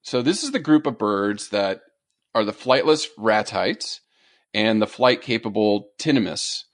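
Lively, animated man co-hosting. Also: lowish voice, measured pace, no echo, studio quality. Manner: animated storytelling, laughs often. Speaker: podcast co-host. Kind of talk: casual chat.

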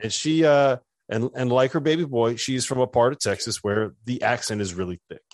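A man's voice: mid-range voice, brisk. A man co-hosting a casual sports podcast, telling stories in a chatty, teasing way. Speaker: podcast co-host.

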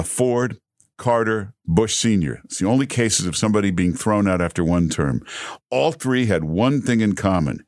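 A man with a lowish voice holds forth on talk radio, hammering his points with repeated words and plenty of "uh"s. His studio mic sounds dry and close, with no room around it. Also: dry recording. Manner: emphatic, repetitive, with frequent filler sounds. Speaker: guest talk radio host. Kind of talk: political talk radio monologue.

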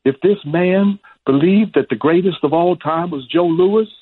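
A man putting on the voice of a boastful male boxing champion, booming and bragging, heard over a tinny phone line. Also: unhurried, slightly rough. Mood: solemn. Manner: booming, bragging, repeating his catchphrases.

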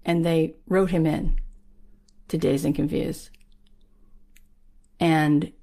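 A woman's voice: low voice, slow pace. A woman giving a motivational talk, telling a story with emphatic repetition and acting out the people in it. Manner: emphatic, repeats key phrases for punch; animated, acts out the people in the story. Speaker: motivational speaker.

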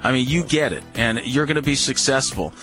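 A man's voice: mid-range voice, fairly quick, a bit bright, faint music behind. Firm, coaching man on the radio. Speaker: radio guest giving dog advice. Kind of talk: casual radio chat.

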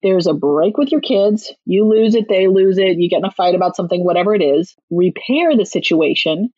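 Parenting author, woman, husky lo-fi voice, energetic, acts out dialogue. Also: medium pitch, brisk, no echo. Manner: lively, animated, acts out quoted lines. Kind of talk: casual advice talk. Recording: dull lo-fi, dry sound.

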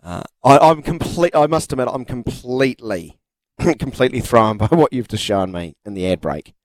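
A man's voice: medium pitch, lively intonation, slight background noise. A man hosting a sports radio show, teasing his co-host and reading headlines. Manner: teasing, quick to jump in. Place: radio studio. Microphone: studio microphone.

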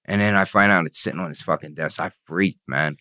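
A man's voice: low-pitched, fast, bright, forceful tone, dry recording, studio quality. A man telling his own story in an interview, blunt and profane, often asking "you know what I mean". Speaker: interview guest.

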